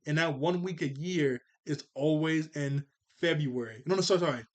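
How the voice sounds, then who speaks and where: A young man with a fairly high voice runs through a cartoon episode in a casual, chatty way. He laughs often, sounds playful and gets animated when he makes his points. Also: moderate pace. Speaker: cartoon reviewer.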